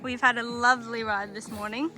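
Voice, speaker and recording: A woman's voice: on the high side, steady tone, sharp tone, faint music behind. A woman vlogging outdoors on a country road during a cycling tour, chatting in an upbeat way. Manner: chatty, upbeat, quick laughs. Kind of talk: casual chat.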